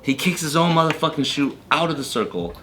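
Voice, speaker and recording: A man telling a story in casual podcast chat, relaxed, with streetwise slang and frequent swearing. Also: on the high side, fairly quick, a little hiss or hum. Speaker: podcast co-host.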